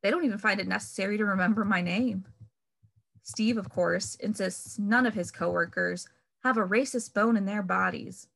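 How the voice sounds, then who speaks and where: Woman with a gravelly reading voice. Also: medium pitch, fairly bright tone. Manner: measured, wry, pointed emphasis on key words. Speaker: author reading her novel. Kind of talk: reading fiction aloud.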